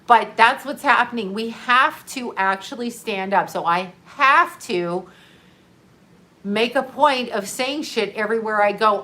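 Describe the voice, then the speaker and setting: Woman going off on a live stream, snarky and lively, keeps laughing mid-rant. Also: a little high, measured pace. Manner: animated, sarcastic, laughs often.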